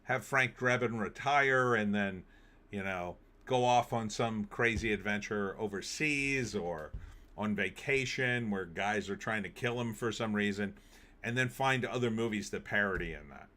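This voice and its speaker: Guy doing solo show commentary, bright sharp voice, chatty, opinionated, lots of ums. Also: on the low side, unhurried. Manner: chatty and opinionated, thinks aloud with fillers. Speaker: show host. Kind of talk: casual solo commentary reading live chat.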